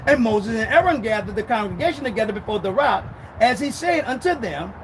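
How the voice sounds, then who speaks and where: A man preaching with a very high, lively voice that swoops up and down. He retells scripture in an animated, dramatic way. A faint noise hums behind him. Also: moderate pace, rough recording. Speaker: pastor. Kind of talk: sermon.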